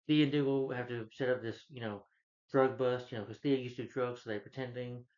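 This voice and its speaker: A man's voice: mid-range voice, fairly even intonation, fairly quick, a little mellow. A man casually recapping TV episodes, rambling and retelling scenes with lots of filler phrases. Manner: rambling, retells dialogue with many "he's like" and "you know". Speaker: video creator recapping a TV season. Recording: slightly dull lo-fi recording.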